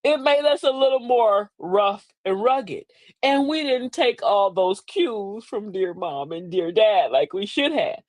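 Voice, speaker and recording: A woman's voice: mid-range voice, animated, a little slow, darkish tone, no room sound. A middle-aged woman hosting a live motivational talk, folksy and preachy, with emphatic delivery. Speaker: host.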